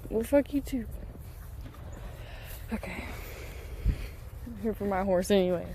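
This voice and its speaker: A young woman filming a casual barn vlog outdoors. She swears freely and coos at the animals in a high, sing-song voice. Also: measured pace, pauses often, warm tone, slight background noise. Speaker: vlogger.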